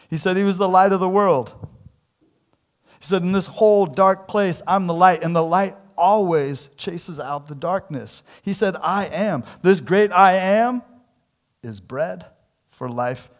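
A middle-aged man preaching a sermon as pastor in a conversational way, acting out quoted lines with shifts in voice. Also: a little high.

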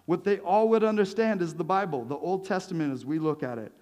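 A slightly high-voiced man preaches in a relaxed, conversational way. He is lively and joking as a pastor, with chuckles dropped between his points. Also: brisk. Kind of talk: conversational sermon.

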